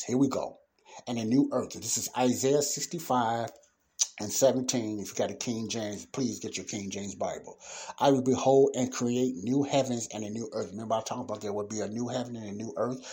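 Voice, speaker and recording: A man teaching from the Bible in a casual sermon, reading scripture slowly with emphasis and then explaining it in everyday talk. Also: lowish voice, mellow, husky. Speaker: preacher.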